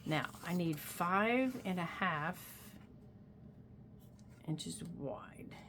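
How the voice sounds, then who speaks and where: A woman's voice: on the low side, lively intonation, drawn-out words, background noise. Chatty older woman crafting at home. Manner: chatty, folksy, talks to herself while working. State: hiccups. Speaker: craft vlogger. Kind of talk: casual craft tutorial.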